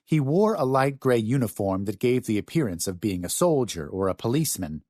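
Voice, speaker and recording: A man narrating a novel in an expressive storytelling manner, close to a studio mic. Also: medium pitch, fairly quick, no room sound. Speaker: audiobook narrator. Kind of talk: scripted narration.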